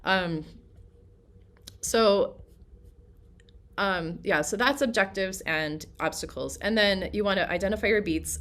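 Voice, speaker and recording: A woman's voice: medium pitch, takes it slowly, long pauses, fairly bright tone. A woman teaching acting technique to singers in a casual workshop lecture, talking conversationally with frequent fillers and restarts.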